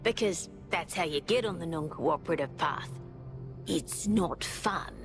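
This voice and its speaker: A woman's voice: on the low side, measured pace, over music. A woman voicing a sly, conspiratorial robot recruiter in a video game, in a confiding, wheedling manner.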